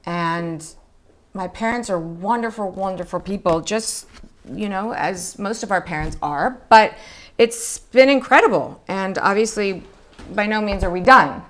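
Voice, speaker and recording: A woman's voice: measured pace, fairly bright tone. Emotional chatty woman in her forties. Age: 40s. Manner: emotional, chatty, voice jumps high when greeting viewers. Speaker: beauty show host. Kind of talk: live get-ready-with-me skincare chat.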